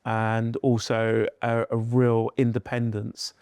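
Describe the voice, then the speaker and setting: A middle-aged man from London, speaking as a podcast guest. He talks earnestly and tells stories with animation, at a medium pitch, in a dry, close recording. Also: completely flat delivery, slow, darkish tone, clear, resonant tone, no room sound. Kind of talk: podcast interview.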